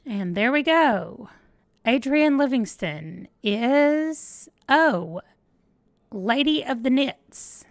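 A woman's voice: fairly high pitch, animated, slow, no room sound, studio quality. A woman hosting a let's play, chatting casually and thinking aloud as she plays. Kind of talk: casual gameplay commentary.

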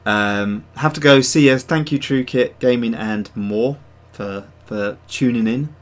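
Speaking at a measured pace with a medium-pitched voice, a man hosts a livestream about digital sculpting. His talk is casual and rambling, full of self-mockery and viewer messages he reads aloud.

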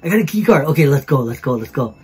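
A man hosting his gaming channel, giving excitable gameplay commentary, repeating himself and calling out to his viewers. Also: a little high, fast talker, breathy edge.

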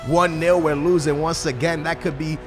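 A young man giving slangy, excitable commentary over a football video game, swinging between hype and grumbling. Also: fairly high pitch, normal speed, over music. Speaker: gaming YouTuber. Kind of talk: gameplay commentary.

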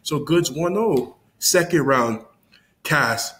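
A man casually recapping a battle, animated and laughing as he quotes lines. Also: a little high, takes it slowly, noisy background. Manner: animated, laughing, quoting lines with mock voices. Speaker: battle rap reviewer.

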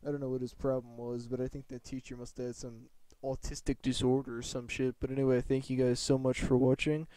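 A man's voice: medium pitch, flat delivery, a little fast, dark tone, no echo. A man telling a rambling, swear-filled storytime in a casual monologue. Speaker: vlogger.

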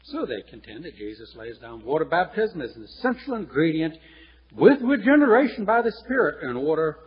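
A man preaching a lecture-style sermon, teaching in a lively, animated way with chuckles and restarts. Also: fairly high pitch, brisk, breathy edge. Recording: dull lo-fi recording in a reverberant hall.

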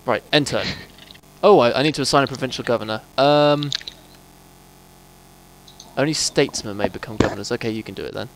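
A man's voice: mid-range voice, brisk, long pauses, background noise. An English man chatting casually while playing a strategy game, rambling and thinking aloud with frequent laughs. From England. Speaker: game co-host. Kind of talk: casual gameplay chat.

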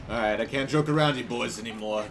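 A young man doing casual let's-play commentary, crude and joking, breaking into loud excited shouts. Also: medium pitch, fast, over music. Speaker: gaming YouTuber.

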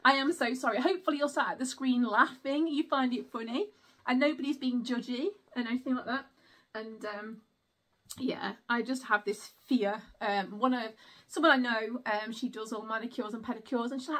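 A woman's voice: a little high, moderate pace, a bit bright. A woman chatting casually through an unboxing at home, apologetic and giggly, speaking into a camera mic. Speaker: vlogger.

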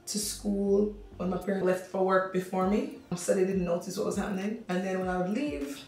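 A young woman with a Jamaican accent, chatting through a makeup tutorial and telling stories in a lively way. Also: on the low side, gravelly, very echoey, recorded from a distance, low-quality recording. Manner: chatty, animated storytelling. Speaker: makeup artist.

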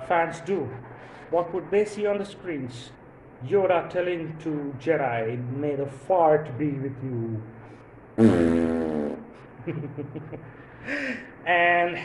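A man's voice: fairly high pitch, darkish tone, echoey room, slight background noise, poor audio. A man from India doing a rambling stand-up comedy monologue, full of fillers and chuckles at his own jokes.

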